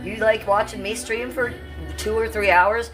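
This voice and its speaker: A woman's voice: on the high side, steady tone, normal speed, fairly bright tone, faint music behind. A woman in her fifties hosting a casual livestream, brash, profane and rambling as she reads out chat comments. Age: 50s. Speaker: livestream host.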